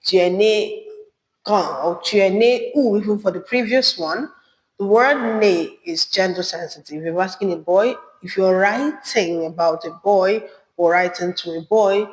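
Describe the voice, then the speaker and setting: Slow, careful woman teaching French. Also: medium pitch. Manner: slow, careful repetition of phrases. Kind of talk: beginner language lesson. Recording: echoey room with long reverb.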